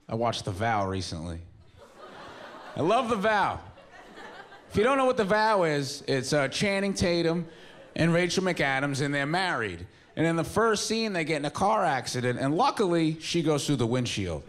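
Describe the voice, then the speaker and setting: A man's voice: a little high, sing-song, normal speed. A man in his twenties doing a stand-up comedy set on a club stage, talking in a casual, rambling, self-mocking way into a handheld mic. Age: 20s.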